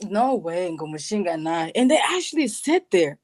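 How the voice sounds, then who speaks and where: A woman from Burundi telling her personal story in an interview, emotional and animated, with casual slang. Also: on the low side, normal speed. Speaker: guest sharing personal story.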